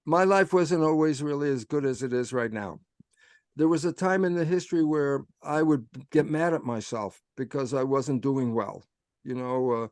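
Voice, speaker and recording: An older man, a guest speaker, telling a story in an animated way with repeated emphasis over a video call. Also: medium pitch, no echo. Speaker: guest speaker answering questions. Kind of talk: storytelling talk.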